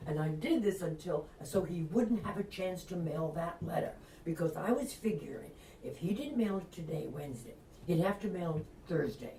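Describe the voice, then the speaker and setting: An older woman from Long Island, a retired reporter, telling a lively anecdote and acting out the voices of people in it. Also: fairly low pitch, moderate pace, a little hiss or hum. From Long Island, New York. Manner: lively, acts out quoted voices, laughs often. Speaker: interview guest, retired reporter. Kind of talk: anecdotal storytelling. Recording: roomy, distant mic.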